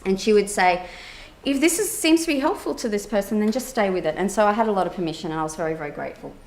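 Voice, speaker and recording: A woman therapist speaking at a conference keynote talks fast in a medium-pitched voice. Her personal story comes out lively, full of acted-out quotes and frequent fillers.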